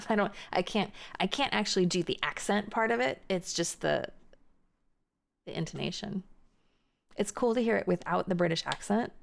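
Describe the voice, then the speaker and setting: An American woman streams from home, chatting loosely and ramblingly with her viewers, laughing quickly and often restarting her sentences. Her mid-range voice has a gravelly quality.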